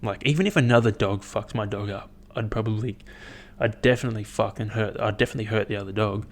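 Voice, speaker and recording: A young man hosting his own podcast, chatting in a rambling, profane, animated way as he tells stories. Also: fairly low pitch, fast talker. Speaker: podcast host. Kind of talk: casual solo podcast chat.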